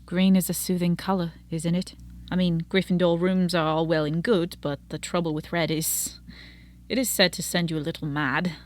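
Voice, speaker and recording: A woman voicing a wise old male wizard who speaks slowly in a lowered, measured voice. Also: steady tone, natural voice. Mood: grave.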